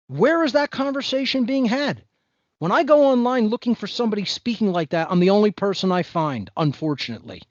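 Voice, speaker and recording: High-voiced man in a blunt, preachy rant. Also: lively intonation, fairly quick, no echo, muffled recording. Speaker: podcast guest. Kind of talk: impassioned monologue.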